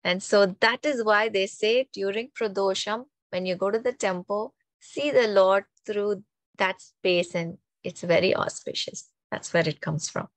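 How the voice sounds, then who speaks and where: A woman telling a religious story in a lively, conversational way, often checking in with her listeners. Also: medium pitch, a little slow, no room sound. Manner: animated, conversational, frequent "right?" tags. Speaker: spiritual storyteller. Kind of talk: storytelling talk on mythology.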